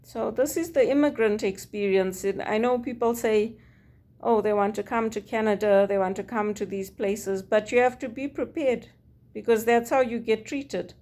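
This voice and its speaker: A woman's voice: fairly high pitch, normal speed, a little mellow. Weary Zimbabwean-born woman telling her story. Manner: earnest, weary storytelling with quoted dialogue. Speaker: vlogger. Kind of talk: personal monologue.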